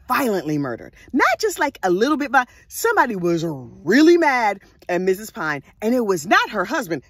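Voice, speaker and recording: A woman casually telling a true crime story in an animated way, full of sassy asides. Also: a little high, dry recording, clean studio sound.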